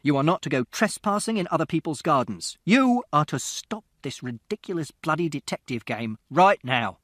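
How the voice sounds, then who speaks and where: A man voicing a furious, shouting father. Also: mid-range voice, animated, moderate pace, dry recording, clean studio sound, close to an everyday voice. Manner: angry, shouting, scolding. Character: stern, short-tempered father at the supper table.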